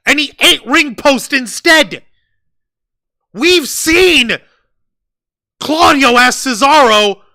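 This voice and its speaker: High bright voice, swearing nonstop, ranting hard about wrestling promos. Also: gravelly. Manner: profane, ranting, emphatic. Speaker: wrestling review co-host. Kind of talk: heated podcast rant.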